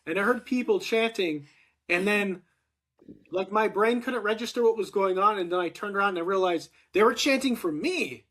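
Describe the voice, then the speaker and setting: A man with a notably high speaking voice, chatting casually and spinning an animated story. He slips into quoted voices and panicked asides as he goes. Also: moderate pace. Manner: animated, acts out quotes with rising excitement. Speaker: podcast host.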